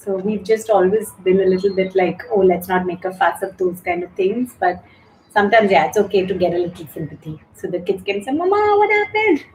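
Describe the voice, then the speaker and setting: A woman's voice: mid-range voice, fairly even intonation, fairly quick, darkish tone, slight background noise. A middle-aged woman hosting a live stream, chatting candidly and thanking viewers as she reads their comments aloud. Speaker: show host and yoga instructor. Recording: echoey room.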